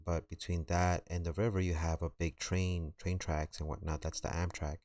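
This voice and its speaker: A man's voice: sits low, flat delivery, moderate pace, a little mellow, dry recording, studio quality. A man telling a story on a live stream in a rambling, slangy way, full of fillers.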